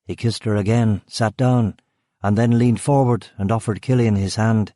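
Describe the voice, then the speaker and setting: A man reading a crime thriller audiobook in measured scripted narration. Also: lowish voice, steady tone, mellow, dry recording, clean studio sound.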